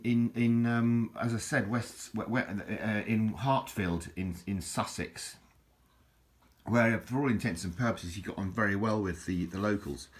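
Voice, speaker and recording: A man, rambling chattily and self-mockingly as he shows a book and talks about it. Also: lowish voice. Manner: rambling, chatty, self-deprecating, many restarts and fillers. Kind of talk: casual rambling book show-and-tell.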